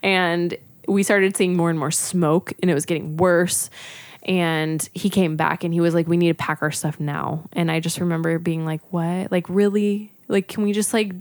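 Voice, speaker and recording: A woman's voice: fairly low pitch, little pitch movement, moderate pace, no echo. A young woman on a podcast, animatedly telling a personal story, acting out her own thoughts and saying "like" a lot. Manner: says "like" often, laughs between lines. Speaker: podcast guest. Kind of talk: casual chat.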